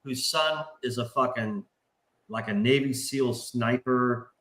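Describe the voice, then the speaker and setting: Bright-voiced man swearing through rambling stories. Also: mid-range voice, slow. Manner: profane, rambling storyteller; animated, acts out quoted voices. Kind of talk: casual chat. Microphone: remote stream call mic. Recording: roomy echo.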